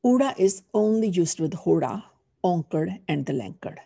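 Punjabi-accented lady teacher, husky dark voice, dry close sound, explains slow and step by step. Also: on the low side, lively intonation, no room sound. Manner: patient, explaining step by step while writing. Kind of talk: recorded online lesson.

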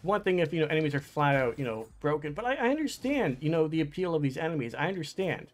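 This gaming channel host's voice runs on the high side, swinging widely in pitch at a quick clip. He plays along with casual let's play commentary, talking to himself and letting out frustrated exclamations.

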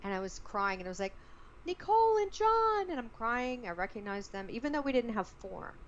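A woman of middle pitch tells a personal story with expressive energy. The sound is a little muffled, with a faint hiss underneath. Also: a little fast. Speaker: guest, actress.

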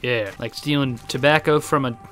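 Bright, giddy young gaming commentator man. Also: mid-range voice, fairly even intonation, normal speed, soft background music. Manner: joking, laughs often, playful yelps. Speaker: gaming YouTuber. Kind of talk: let's-play commentary.

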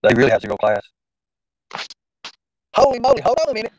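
Fast, lively-voiced man hosting a stream. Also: mid-range voice, a little hiss or hum, rough recording. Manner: rambling, talks to himself while fiddling with the stream; informal, slangy. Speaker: livestream host. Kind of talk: casual live-stream chat.

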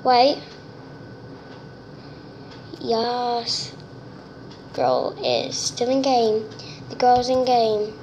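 A young woman giving chatty, excitable gameplay commentary, nervous and talkative, recorded on a phone. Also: on the high side, extremely slow, long pauses, a little hiss or hum. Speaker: gamer. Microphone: phone screen-recorder mic.

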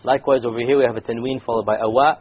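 Male teacher, husky and fairly high, patient recitation lesson, muffled lo-fi sound. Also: steady tone. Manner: patient, repetitive, quizzes the class; slowly demonstrates recited words.

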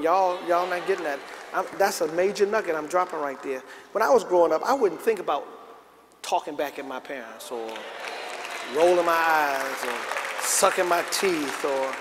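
A middle-aged pastor preaches in a large church sanctuary, drawing call-and-response from the congregation and building to emphatic peaks. His voice is on the high side at a normal speed, and this live recording carries reverb, crowd noise and background noise.

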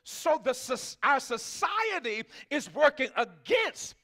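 A man's voice: very high-pitched, big pitch swings, takes it slowly, pushed and bright. A man preaching a sermon as pastor, talking conversationally, asking the congregation questions and laughing often. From Texas.

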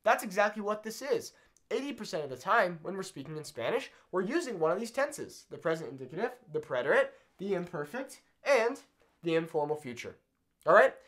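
Male teacher at a whiteboard, very animated intonation, patient and repetitive, checks in with viewers. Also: high voice. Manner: checks in often with "okay?" and repeats examples slowly. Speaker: Spanish teacher. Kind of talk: whiteboard language lesson. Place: indoors at a whiteboard.

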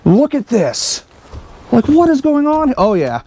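A joking, excitable man hosts a casual vlog outside next to a vehicle. His voice sits high and swoops around with lively ups and downs. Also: unhurried, slight background noise. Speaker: host.

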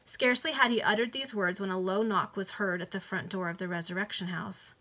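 A woman's voice: medium pitch, steady tone, a little fast, pushed and bright. A woman casually reading a classic novel aloud over a video call, stopping to explain the text in chatty asides. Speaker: reader.

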